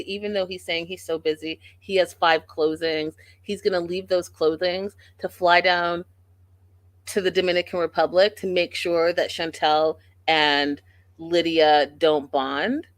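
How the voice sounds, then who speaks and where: A woman's voice: lowish voice, unhurried, dry recording. A woman hosting a reality TV recap show, talking casually and acting out what the cast said. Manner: animated, acts out quotes of the cast.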